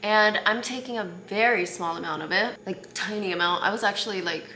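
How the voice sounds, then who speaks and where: Young woman, casual vlog chat, candid, roomy echo, loud background noise. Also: medium pitch, fairly quick. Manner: chatty, candid, laughs easily. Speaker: vlogger. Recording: echoey room with loud ambient noise.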